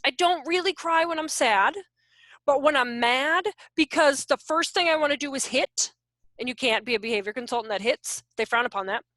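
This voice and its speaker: A woman in her forties, a behavior consultant, giving an animated, jokey online workshop talk over a video call. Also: sits high, normal speed, no room sound, clean studio sound. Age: 40s. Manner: animated, self-deprecating, jokey.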